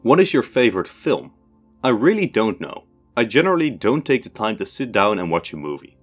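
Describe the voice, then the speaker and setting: Low-voiced young Dutch man. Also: very animated, breathy edge, soft background music. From Netherlands. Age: 20s. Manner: measured, reading out questions and answering. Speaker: history channel host. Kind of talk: scripted Q&A narration.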